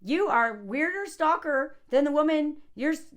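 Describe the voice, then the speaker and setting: Female film vlogger, mocking and conversational, high, very animated delivery. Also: moderate pace. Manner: sarcastic and mocking; chatty, full of likes and ums. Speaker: movie reviewer. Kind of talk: casual commentary.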